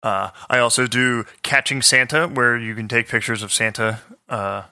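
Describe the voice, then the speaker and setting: A man's voice: mid-range voice, steady tone, moderate pace, bright, forceful tone, no room sound, studio quality. A man co-hosting a podcast, joking crudely and riffing in comic bits. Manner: crude, joking, sings silly jingles and does put-on voices. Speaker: podcast co-host. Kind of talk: crude comedic podcast banter.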